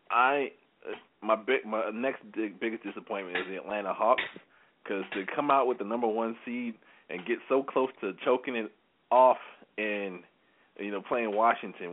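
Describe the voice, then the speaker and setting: A man from Dallas giving his take in a casual sports chat, measured and matter-of-fact. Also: lowish voice. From Dallas, Texas. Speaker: co-host. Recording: tinny phone line with faint hiss.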